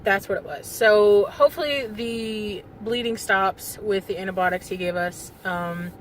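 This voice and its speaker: A woman's voice: mid-range voice, a little slow, low-quality recording. Young woman vlogger, casual phone-camera storytelling, loose and rambling, holding back tears, faint noise behind. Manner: rambling, full of fillers, fighting back tears. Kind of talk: casual personal vlog storytelling.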